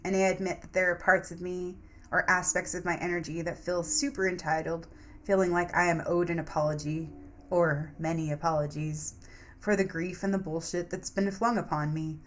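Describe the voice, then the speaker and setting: A woman's voice: lowish voice, flat delivery, moderate pace, a bit bright, a little hiss or hum. A woman speaking in a reflective spoken-journal style, reciting affirmations and sometimes breaking into blunt, profane venting. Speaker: spiritual vlogger.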